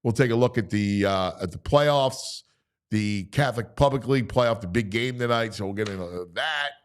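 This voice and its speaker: A man's voice: fairly low pitch, normal speed, smooth. A man hosting a casual sports talk show, chatting loosely and laughing often. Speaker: radio show host.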